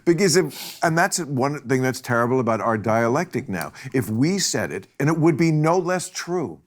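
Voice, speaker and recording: A man's voice: medium pitch, very animated, normal speed. An older man hosting a podcast, chatting casually in a blunt, wry way and laughing often. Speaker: podcast host. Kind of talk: casual chat.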